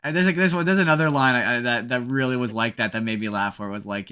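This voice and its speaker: Man, podcast co-host, bright forceful tone, rambling casual chat, frequent restarts. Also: mid-range voice, fast talker, hardly any pauses, clear, resonant tone.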